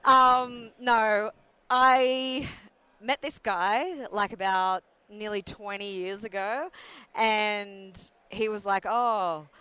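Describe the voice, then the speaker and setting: Guest, Australian woman, 40s, smooth clear voice, chatty and self-deprecating. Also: mid-range voice, fairly even intonation, takes it slowly, pushed and bright. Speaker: podcast guest. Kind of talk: casual interview chat. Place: busy hunting expo hall.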